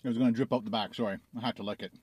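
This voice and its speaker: A middle-aged food reviewer chats casually in his car about sandwiches, chewing and speaking through mouthfuls for a food review vlog. His voice is fairly low and darkish, with fairly even intonation and a rapid-fire delivery.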